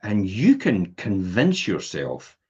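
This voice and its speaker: A man hosts a casual podcast chat, slipping into voices as he tells stories. His voice is slightly husky and moves a lot in pitch. The audio is dull and lo-fi. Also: takes it slowly. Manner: animated storyteller acting out voices in anecdotes. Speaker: podcast host.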